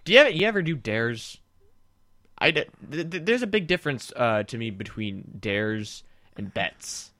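A man co-hosting a casual online show, chatting in an animated, rambling way with restarts. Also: mid-range voice, moderate pace, dry recording, studio quality. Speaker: co-host. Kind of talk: casual chat.

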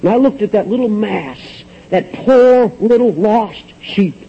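A man preaching a sermon, fervently retelling a story with quoted dialogue, swinging from hushed low passages to high, urgent ones. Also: a little slow, slightly rough. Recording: dull lo-fi old recording.

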